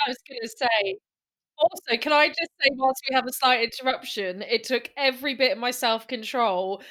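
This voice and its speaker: A woman's voice: fairly high pitch, normal speed, fairly bright tone. A woman co-hosting a podcast, chatting and giggling a lot. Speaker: podcast co-host. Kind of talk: casual chat.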